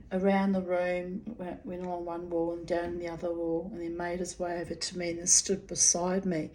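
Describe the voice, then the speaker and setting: A woman's voice: lowish voice, dark tone. A middle-aged woman telling a personal story in a casual, frank way, swearing freely and adding chatty asides.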